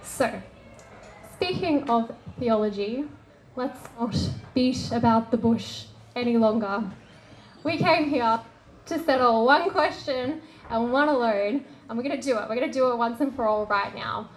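Brief: woman, lively and casual lecturer, fairly high voice, acts out scenes, faint room noise. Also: unhurried, poor audio. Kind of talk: lively public talk on literature.

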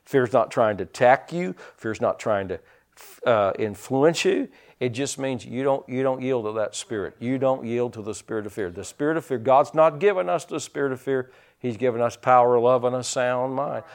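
A man preaching a sermon in a folksy, rambling storytelling way, rising into loud bursts. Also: medium pitch, normal speed.

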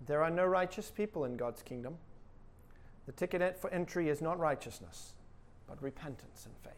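A man's voice: a little high, animated, normal speed, slight background noise. A male pastor preaching a sermon with emphatic delivery and rhetorical questions.

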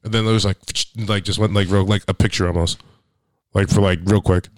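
A young man with a very low voice rattles through rambling, swear-heavy stories at a quick clip. His casual podcast chat is full of "like" and "dude". The sound is close and dry. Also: fairly even intonation, dry recording. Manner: rambling, profane storytelling full of "like".

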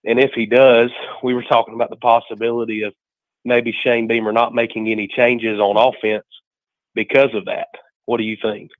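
A man's voice: mid-range voice, level tone, moderate pace, dry recording. A man calling into a sports talk show, friendly and rambling with many fillers, over a tinny phone line. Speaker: caller. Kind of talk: sports call-in question.

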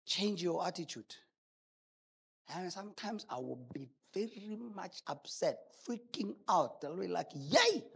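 A man's voice: high-pitched, expressive, measured pace, gravelly, a bit bright, breathy edge. A male preacher delivering a sermon emphatically, asking rhetorical questions.

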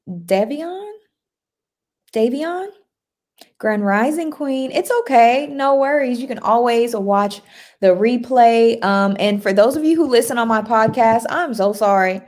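A woman's voice: on the high side, measured pace, a little mellow. A woman hosting a casual livestream, chatty and upbeat, reading out viewer comments and greeting people by name. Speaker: livestream host. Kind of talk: casual live-stream chat.

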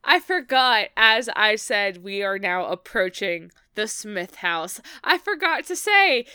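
A woman chatting about a TV episode, excitable and swearing as she laughs through her recap. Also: medium pitch, slow, clean tone, no echo, studio quality. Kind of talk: casual chat recapping a TV episode.

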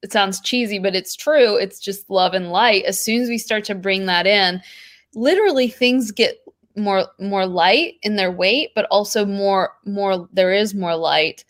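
A woman talks about inner practice in a long, earnest ramble. Her voice sits at a middling pitch and she leans on "like" and "you know" as she searches for words. She restarts her phrases often and keeps a steady, musing flow. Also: unhurried. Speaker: podcast guest. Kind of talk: spiritual conversation.

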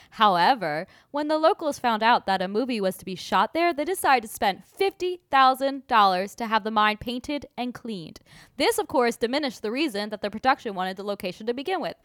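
A woman trades teasing remarks and reads out film trivia in a casual podcast chat. Her voice sits a little high. The recording is dry and close. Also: a bit bright, no echo. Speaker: podcast co-host.

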